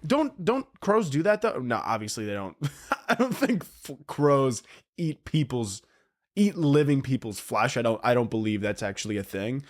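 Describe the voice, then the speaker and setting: A man's voice: mid-range voice, sing-song, normal speed. A young man hosting a solo podcast, rambling and cutting himself off, laughing at his own jokes. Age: young adult. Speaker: podcast host.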